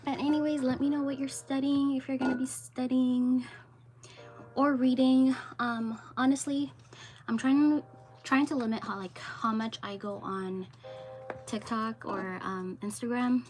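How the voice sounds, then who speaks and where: A woman's voice: high voice, fairly even intonation, measured pace, darkish tone. A young woman chatting casually on a home livestream, rambling with lots of fillers. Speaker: streamer. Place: home room with dogs.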